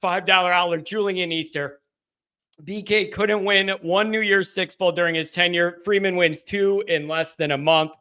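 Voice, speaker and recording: Overwhelmed, high-voiced livestream host. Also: male voice, fairly even intonation, moderate pace, bright, forceful tone, smooth. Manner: breathless, rambling, loses his place. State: overcome with emotion. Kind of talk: postgame call-in livestream, reading viewer messages.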